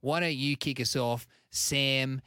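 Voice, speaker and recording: A man's voice: medium pitch, steady tone, takes it slowly, pushed and bright, clean tone, dry recording. A man with an Australian accent, co-hosting a sports radio show with dry, wisecracking remarks. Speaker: radio co-host. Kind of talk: casual sports radio banter. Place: radio studio.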